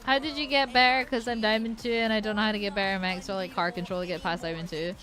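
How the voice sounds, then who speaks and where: A woman's voice: mid-range voice, fairly even intonation, quick pace, a bit bright. A woman with a Polish accent chatting casually on a gaming stream, swearing now and then and restarting her sentences often. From Poland.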